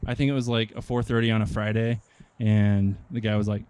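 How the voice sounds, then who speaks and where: A young man from Nebraska doing a stand-up comedy set, deadpan and hesitant, with many pauses and ums. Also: fairly low pitch, clear, resonant tone. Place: outdoor park stage.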